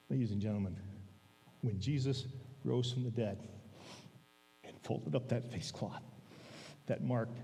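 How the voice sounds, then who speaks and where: Man preaching, chatty style, keeps saying all right, mellow voice, long church echo. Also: mid-range voice, measured pace, vocal fry, long pauses, recorded from a distance. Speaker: guest preacher. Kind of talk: sermon. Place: church sanctuary. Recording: long church hall reverb.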